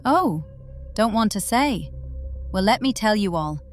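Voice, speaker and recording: A woman speaking slowly on a casual podcast. She drops wry, whimsical asides in a fae persona. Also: medium pitch, sing-song, soft background music. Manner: slow, wry, whimsical quips.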